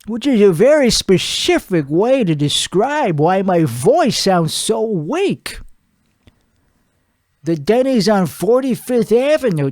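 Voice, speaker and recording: Guy doing a crude washed-up singer character, high-ish strained voice, rambling rant, dry close sound. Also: no room sound. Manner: crude, rambling, boastful, self-mocking. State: weak strained voice from singing. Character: brash crude washed-up male singer-comedian, middle-aged. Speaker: comedy show host. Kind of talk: improvised comedic rant.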